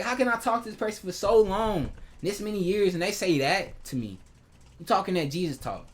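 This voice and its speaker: A man's voice: sits high, animated, brisk. A man venting in a personal vlog, heated and hurt, swearing freely and restarting his sentences often. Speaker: vlogger. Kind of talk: emotional personal vlog rant.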